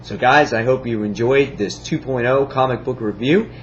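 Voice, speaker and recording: A man's voice: mid-range voice, normal speed, highs cut off, slight background noise. A man giving a casual comic book review, enthusiastic and rambling, full of fillers and acted-out quotes.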